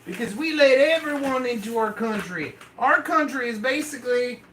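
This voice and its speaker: A man's voice: extremely high pitch, animated, moderate pace, bright, forceful tone. A man from Canada live-streaming from a room with his pet snakes, bantering playfully with his chat in a casual, joking way. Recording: roomy, echoey room with faint noise.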